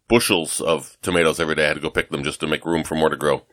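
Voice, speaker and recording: A man's voice: a bass voice, steady tone, rapid-fire, fairly bright tone, dry recording, studio quality. A man from the United States co-hosting a casual chat, rambling and self-deprecating with many fillers and restarts. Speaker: podcast co-host.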